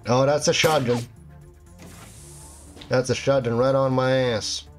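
A man's voice: mid-range voice, steady tone, unhurried, soft background music. A man playing a video game, reading its text aloud and reacting casually to the fights. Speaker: gameplay commentator.

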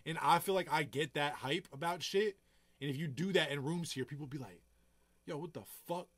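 A man producer chatting casually on a live stream, telling loose stories full of swearing and giving hyped shout-outs to viewers. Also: on the high side, fairly quick, dry recording. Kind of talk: casual livestream chat. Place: home music studio.

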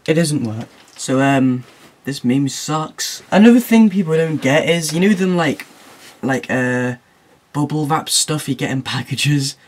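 A man's voice: a little high, expressive, a little slow. A teenage boy talking casually in a vlog, rambling and jokey, often laughing at his own remarks. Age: teens. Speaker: YouTuber.

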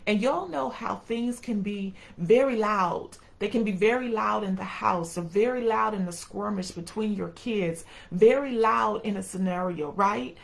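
A woman's voice: medium pitch, measured pace, gravelly, few pauses, low-quality recording. A middle-aged woman preaching a sermon in a folksy way, speaking straight to the congregation and acting out quotes. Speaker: preacher and educator.

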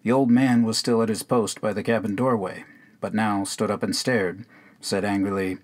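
A man reading a narrative poem aloud in a measured, unhurried way. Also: lowish voice, steady tone. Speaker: reader. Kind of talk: poetry reading.

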